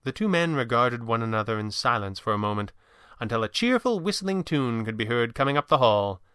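A man narrating a novel in an even storytelling voice. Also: medium pitch, fairly quick, smooth, dry recording, clean studio sound. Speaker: audiobook narrator. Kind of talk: scripted narration.

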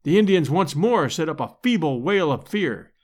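A man reading an adventure audiobook in a measured, expressive storytelling manner. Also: fairly high pitch. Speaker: audiobook narrator. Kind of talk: audiobook narration.

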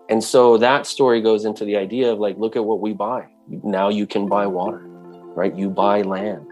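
A man's voice: fairly low pitch, flat delivery, normal speed, a little mellow, soft background music. A man speaking earnestly in a conversational way about culture, with frequent restarts. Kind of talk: casual talk.

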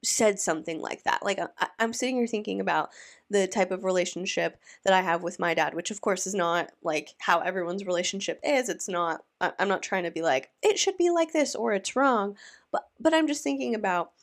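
A woman's voice: fairly low pitch, fairly quick. A woman giving casual reaction commentary, talking in a chatty, incredulous way with many restarts.

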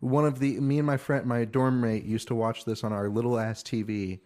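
Young guy, casual podcast co-host, profane, leans into loud quoted impressions. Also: mid-range voice, flat delivery, moderate pace. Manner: acts out quotes with loud shouted impressions, swears freely.

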